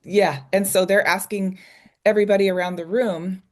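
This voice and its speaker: A woman from the United States with a fairly low voice speaks a bit quickly. She's a guest in an interview, telling a candid, emotional personal story full of ums and restarts, set in a small logging community in Idaho.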